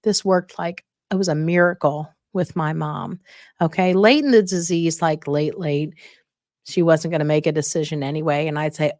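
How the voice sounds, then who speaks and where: A woman's voice: sits low, steady tone, moderate pace, a little mellow, dry recording, studio quality. A woman hosting a casual advice podcast on dementia care, encouraging and often checking in with listeners.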